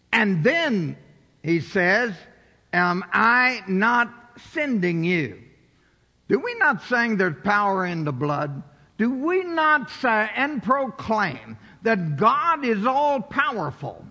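Middle-aged preacher guy, high gravelly voice, slow and emphatic, big church echo. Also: big pitch swings. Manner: emphatic preaching, slowing down on scripture, dropping to quiet asides. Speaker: pastor. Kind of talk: sermon. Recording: long reverb from a large hall.

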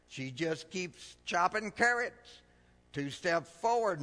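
A middle-aged man preaching a sermon, emphatic with big swings in pitch and loudness, telling a folksy joke along the way. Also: very animated, takes it slowly, in a large hall. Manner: folksy storytelling.

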